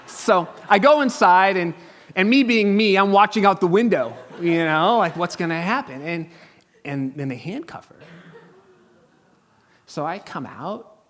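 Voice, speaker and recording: A man in his thirties, a pastor preaching a sermon in a conversational, humorous way, telling stories and dropping to a hush at tense moments. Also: high voice, lively intonation, unhurried. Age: 30s. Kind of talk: sermon with storytelling. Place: church.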